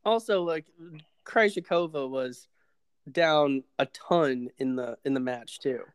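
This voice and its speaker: A man's voice: medium pitch, slow, smooth, dry recording. A young man hosting a casual podcast, laid-back and hesitant, with lots of fillers. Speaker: podcast host.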